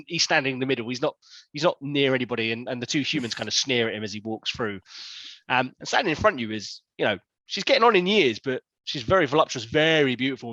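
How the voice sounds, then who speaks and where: A man's voice: mid-range voice, bright, forceful tone, dry recording. A man, narrating a tabletop game as game master in a loose, rambling way with many fillers. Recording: dull, lo-fi sound.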